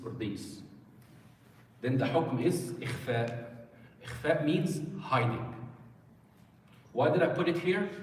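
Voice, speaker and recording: A man's voice: medium pitch, a little hiss or hum. A man teaching a Quran recitation class, patiently asking his students questions. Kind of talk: classroom lesson. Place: mosque hall. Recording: echoey hall, mic far off.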